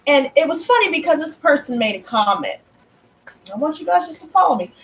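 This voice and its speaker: A woman's voice: high-pitched, a little fast, low-quality recording. A young woman tarot reader telling a story in a casual, blunt way, full of slang and swearing. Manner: animated, blunt, profane, heavy slang.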